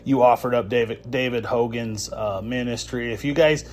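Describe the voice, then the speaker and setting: Young man, podcast host, combative, preachy, taunting, voice of middling pitch, faint background hiss. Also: steady tone, moderate pace. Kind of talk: heated phone confrontation and podcast intro.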